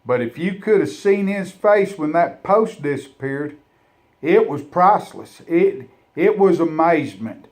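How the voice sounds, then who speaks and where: A kind, amused mother speaking gently, as a man puts her on in a story. Her manner is soft-spoken and easy. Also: a little high, expressive, measured pace.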